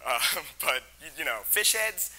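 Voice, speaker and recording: A man tells a comic true story with loose, rambling energy, filling it with "like" and "you know." He laughs between phrases. His voice is very bright and forceful. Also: on the high side, big pitch swings, a little slow, rough recording. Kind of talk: comedic true-story telling.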